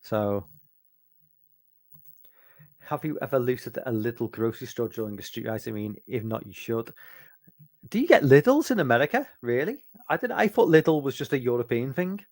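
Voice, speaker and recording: A man's voice: medium pitch, animated, normal speed, long pauses, a little mellow, no room sound, clean studio sound. A middle-aged British man chatting loosely and sweary in a late-night Q&A stream, tired and rambling with many restarts. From United Kingdom. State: tired, fighting sleep. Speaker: live streamer. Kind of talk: late-night casual Q&A chat.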